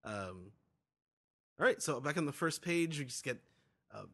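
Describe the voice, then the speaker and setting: Bright, lively male host, casual recap chat. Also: medium pitch, a little slow, long pauses, husky. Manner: reads aloud animatedly, with fillers. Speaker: podcast host.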